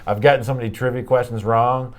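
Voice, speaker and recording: A man co-hosting a sports talk show, answering trivia in casual banter and joking about himself. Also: medium pitch. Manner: animated, quick to joke about himself.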